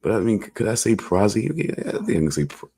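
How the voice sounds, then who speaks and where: A man with a very low voice chats loosely on a podcast. He rambles and circles back, tossing in jokes and little asides as he goes. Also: animated, fast talker, gravelly, warm tone, breathy edge. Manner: rambling, joking, repeats "I'm just saying". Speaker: podcast co-host. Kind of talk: casual chat.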